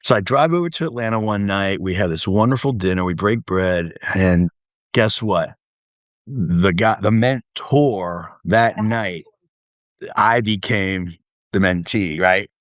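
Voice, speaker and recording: A man's voice: fairly low pitch, takes it slowly, dry recording. A middle-aged man telling a long story in an interview, acting out the voices of the people he quotes. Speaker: podcast guest.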